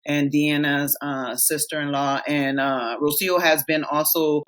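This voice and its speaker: In a casual podcast conversation, a woman in her thirties co-hosts with a low-pitched voice, a level tone and a measured pace. She speaks candidly, swears freely and tells stories, doing her friends' voices as she quotes them.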